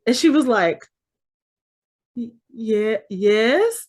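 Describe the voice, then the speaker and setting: A woman's voice: fairly high pitch, big pitch swings, slow, long pauses. A woman in her forties co-hosting a podcast, telling a story in casual chat and acting out the voices of the people she quotes. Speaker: podcast co-host.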